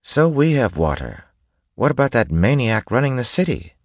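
A man's voice: mid-range voice, sing-song, moderate pace, no room sound, studio quality, voice pushed up. A man voicing a blunt, impatient young man who presses for answers.

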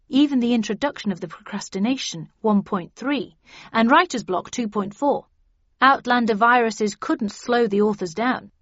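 An earnest male official in an audiobook lays out his case in a steady, lecturing way, voiced by a woman narrator. The recording is dry and a little dull, with no room sound. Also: mid-range voice, dry recording, natural voice. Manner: earnest, explanatory. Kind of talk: audiobook character reading.

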